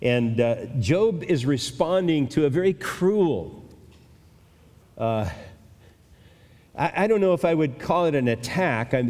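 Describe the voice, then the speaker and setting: An older male pastor teaching a Bible passage in a conversational sermon, pausing and restarting as he thinks aloud. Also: fairly high pitch, darkish tone. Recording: long reverb of a large hall.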